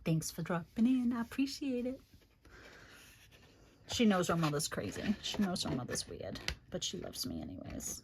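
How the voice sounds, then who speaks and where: A woman's voice: on the low side, wildly swooping pitch, normal speed, pauses often, noisy background. A middle-aged woman hosting a crafting livestream, chatting casually and fondly, calling viewers honey and rambling with many fillers.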